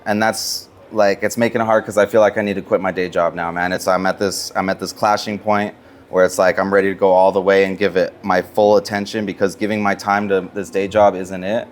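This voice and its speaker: Brief: male music artist guest, lowish voice, sincere and emotional when telling his story, faint background hiss. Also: flat delivery, a little fast. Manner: earnest, heartfelt, emotional storytelling. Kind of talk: casual interview conversation.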